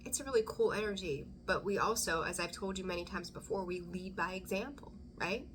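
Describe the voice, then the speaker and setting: A woman's voice: on the low side, a little fast, fairly bright tone, slight background noise. A woman giving a casual, rambling tarot reading, often dropping into a whisper as she talks. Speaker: tarot reader.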